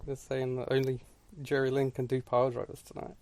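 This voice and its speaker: A man's voice: medium pitch, monotone, a little fast, darkish tone, no echo. A man co-hosting a podcast, making dry, wry remarks with stammered restarts. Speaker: podcast co-host. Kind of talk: casual chat.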